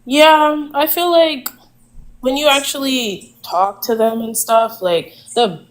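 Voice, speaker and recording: A woman's voice: high-pitched, slow. A woman calling into a live stream, talking hesitantly with many fillers. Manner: hesitant, lots of likes, laughs between phrases. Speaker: caller.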